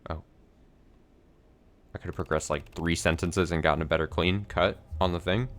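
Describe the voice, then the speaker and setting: A man's voice: low-pitched, steady tone, normal speed, fairly bright tone. A man streaming a game, reading along and adding loose, joking asides. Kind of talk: casual game commentary.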